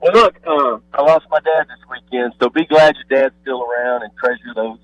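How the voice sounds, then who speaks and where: A man calling into a radio show, a former pastor telling a folksy anecdote in a relaxed way. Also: medium pitch, normal speed, no room sound, highs cut off. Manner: warm folksy anecdote teller. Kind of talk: casual phone-in chat.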